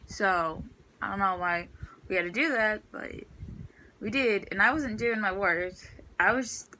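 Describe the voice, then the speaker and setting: A woman's voice: medium pitch, unhurried, pushed and bright, slight background noise, poor audio. A teenage girl ranting in a storytime vlog about her school day, exasperated and full of fillers. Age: teens. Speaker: student vlogger.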